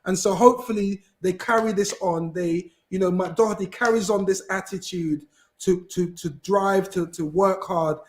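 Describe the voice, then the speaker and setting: A man with a high voice talks football on a podcast. He rambles in animated bursts, restarting his sentences and piling on fillers. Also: moderate pace. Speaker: podcast guest, football fan. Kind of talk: casual chat.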